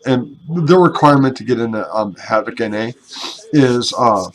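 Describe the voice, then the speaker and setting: A man's voice: mid-range voice, normal speed, slight background noise, poor audio. A young man casually commenting over gameplay, rambling and self-deprecating, with casual swearing, speaking into a headset at his computer. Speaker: gaming YouTuber and clan member.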